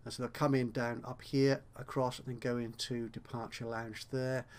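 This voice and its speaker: A man's voice: mid-range voice, little pitch movement, moderate pace, a little mellow. A man casually commenting on a management game he is playing, rambling and correcting himself with wry asides. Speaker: let's play host.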